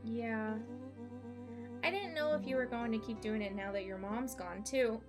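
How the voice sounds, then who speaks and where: A woman's voice: on the high side, music in the background, natural voice. A woman voicing a nerdy, eager twelve-year-old boy in a video game, with a nasal nerdy manner. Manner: nasal nerdy voice, talking fast.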